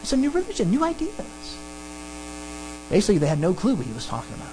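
A pastor preaching a sermon and teaching through a Bible passage, emphatic and animated. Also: quick pace, background noise. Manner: animated, emphatic preaching with sudden pitch jumps.

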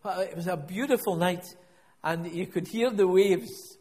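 A man's voice: sits high, measured pace, a little mellow, long reverb tail. A middle-aged man preaching a sermon, telling a personal story in a reflective way and often repeating and restarting his words.

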